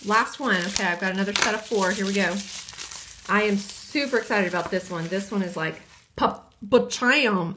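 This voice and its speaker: A woman chatting casually and excitedly while unboxing and swatching nail powders. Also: medium pitch. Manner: bubbly, chatty, exclaims over colors. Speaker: nail hobbyist vlogger.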